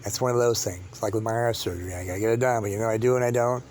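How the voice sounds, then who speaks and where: A man telling a long personal story as a vlogger, halting and repetitive, with many restarts and fillers. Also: on the low side, steady tone, a little mellow, slight background noise.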